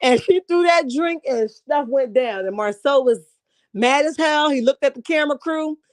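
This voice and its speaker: High-voiced, animated woman recapping gossip. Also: normal speed, no echo, clean studio sound. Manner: animated, laughing storyteller, slangy and blunt; calls her viewers 'baby', 'honey' and 'child'. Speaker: reality TV recap vlogger. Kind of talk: casual recap chat, reading live chat.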